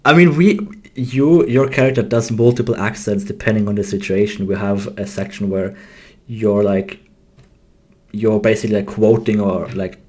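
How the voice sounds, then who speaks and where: A man's voice: lowish voice, moderate pace, darkish tone, breathy edge. Hesitant man, laughing and restarting. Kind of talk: casual group chat.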